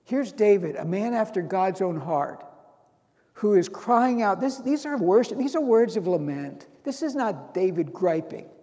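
Male preacher, high voice, long hall reverb, sermon delivery with loud emotional peaks. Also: very animated, unhurried. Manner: rising to loud emotional bursts reading scripture.

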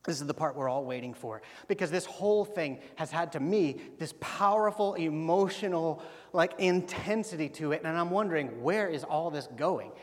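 A male pastor preaching a sermon, dropping to hushed slow emphasis and rising to loud, animated bursts. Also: fairly high pitch. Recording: long hall reverb.

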